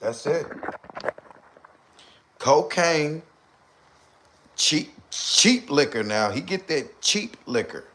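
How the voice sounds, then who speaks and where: A man's voice: on the high side, expressive, drawn-out words, long pauses, sharp tone. A man talking casually on a live stream. He comments animatedly and repeats points for emphasis.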